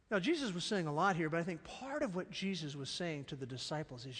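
A middle-aged man preaching a sermon, animated and storytelling, dropping to soft, slow stresses. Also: fairly high pitch, slightly rough. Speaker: pastor. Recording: long reverb of a large hall.

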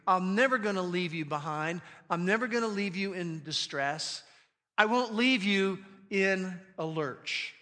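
A man preaching a sermon as pastor, speaking emphatically with slow, deliberate stresses on quoted scripture. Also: sits high, sharp tone. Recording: long reverb of a large hall.

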